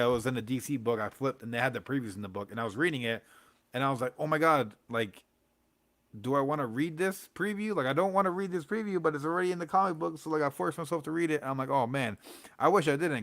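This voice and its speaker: A man's voice: mid-range voice, fairly bright tone, no echo. A young man hosting a comics livestream, rambling in casual chat with lots of fillers, slang and laughs.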